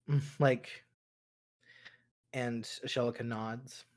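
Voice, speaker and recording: A man narrating a tabletop role-playing game as game master, halting with many fillers between quick bursts. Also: mid-range voice, expressive.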